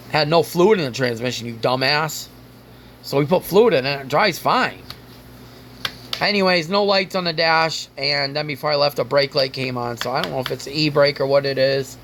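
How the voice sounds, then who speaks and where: A man's voice: medium pitch, normal speed, a bit bright, slight background noise. A man hosting his own car vlog, rambling and ranting casually with frequent swearing. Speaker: car vlogger.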